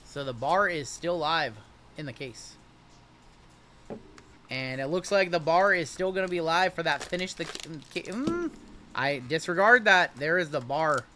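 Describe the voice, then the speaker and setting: Upbeat high-voiced man hosting card breaks. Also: pushed and bright, slight background noise. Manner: jokey, upbeat banter. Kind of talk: livestream card-opening commentary.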